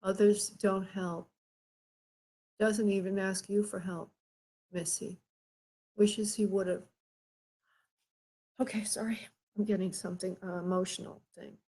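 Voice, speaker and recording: A woman hosts a live psychic reading, her voice a bit husky and breathy. She talks in halting bits with frequent pauses and fillers, gently calling her caller "honey" or "love". Her pitch sits in an ordinary middle range. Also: little pitch movement, low-quality recording. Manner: halting, pauses often, addresses caller with endearments. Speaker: psychic medium host.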